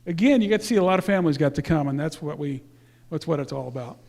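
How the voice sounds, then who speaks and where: A man's voice: on the high side, lively intonation, fast talker, creaky, a little mellow. A man speaking casually to a church congregation, presenting youth awards in a rambling way with fillers and self-corrections.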